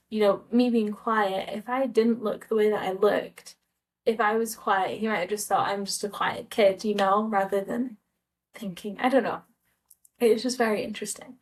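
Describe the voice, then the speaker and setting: A woman's voice: mid-range voice, distant mic. A woman with an Edinburgh Scottish accent, vlogging in a casual, rambling way with lots of fillers. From Scotland. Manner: chatty, rambling, many fillers like "like" and "um". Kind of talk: casual storytelling to camera.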